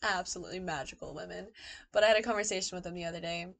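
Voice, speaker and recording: A young woman co-hosting a podcast, telling a crime story in a casual, sarcastic way and loudly acting out the people she quotes. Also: fairly low pitch, rapid-fire, creaky.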